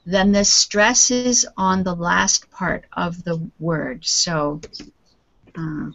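A woman's voice: on the low side, fairly even intonation, drawn-out words, gravelly, fairly bright tone. A woman teaching an English lesson over a video call, patiently explaining words and modelling pronunciation. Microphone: computer mic on a video call. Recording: dull lo-fi call audio.

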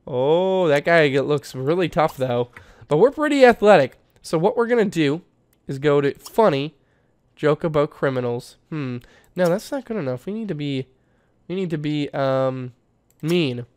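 A young man giving playful, excitable commentary while playing a life-sim game, laughing often. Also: a little high, moderate pace, clean tone. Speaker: gaming YouTuber. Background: faint game music.

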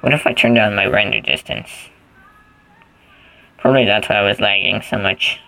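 Male gamer, casual commentary, goofy rambling; low-pitched and gravelly. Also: moderate pace, pushed and bright, faint music behind, low-quality recording. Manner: rambling, goofy, thinks aloud while playing. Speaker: gaming channel host.

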